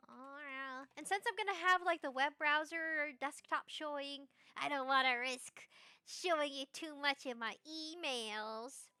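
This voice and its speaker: A woman VTuber chatting casually with her live-stream chat, bubbly and excitable, speaking straight to her viewers. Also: high voice, unhurried, dry recording, faint music behind.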